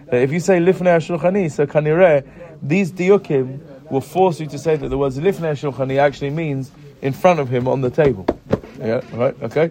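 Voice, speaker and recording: A man teaching a Gemara class, explaining and checking with his students with frequent "right?" questions and halting restarts as he reads the text. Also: on the high side, warm tone. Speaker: Talmud teacher. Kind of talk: Gemara class mixing English and Hebrew terms.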